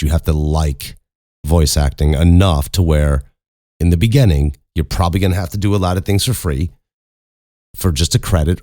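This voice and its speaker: A podcast host and voice actor with a Chicago accent gives casual advice in a strikingly deep, low, warm voice. He speaks candidly and conversationally, restarting often as he thinks aloud. The close-miked recording is dry, with no room echo.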